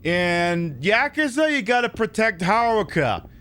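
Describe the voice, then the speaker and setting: A man's voice: high voice, very animated, unhurried, a bit bright, slight background noise. A man streaming a video game, giving casual, rambling commentary full of sarcastic jokes and swearing.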